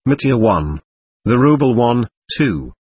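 A man narrating a novel in a steady, expressive audiobook reading. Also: medium pitch, takes it slowly, breathy edge. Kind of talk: scripted narration.

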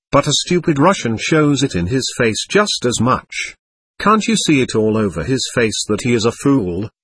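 A man voicing a cocky, mocking thirteen-year-old boy in an audiobook, with a slightly husky voice. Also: mid-range voice, fairly bright tone, no echo, heavily acted. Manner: boastful, mocking.

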